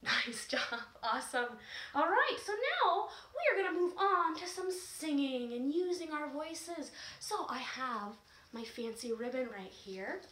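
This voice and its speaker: A woman's voice: high voice, big pitch swings, a little slow, a bit bright, roomy sound. A woman teaching a movement and music class to young children, encouraging and sing-song.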